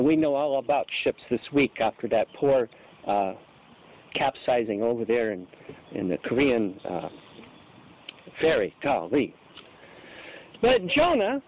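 A man preaching a sermon, acting out the voices in the scripture he reads. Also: a little high. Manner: animated, acts out voices in scripture. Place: church. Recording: dull lo-fi recording.

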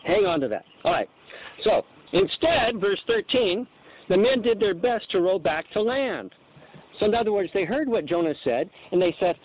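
Captured on a dull lo-fi recording, a preacher delivers an animated sermon in church, performing the voices of the scripture he reads. His voice sits high and has a breathy edge, and his pace is moderate.

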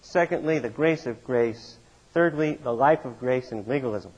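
A middle-aged man preaching a sermon as pastor, telling stories with animated swings in pitch and loudness. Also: moderate pace, dull audio.

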